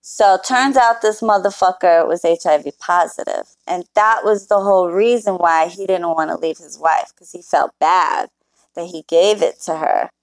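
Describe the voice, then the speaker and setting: A woman's voice: lowish voice, moderate pace, dry recording, poor audio. A woman casually telling a story to her viewers, blunt and full of swearing. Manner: profane, blunt, talks straight to viewers. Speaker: spiritual worker telling a client story. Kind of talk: casual storytelling to a live chat.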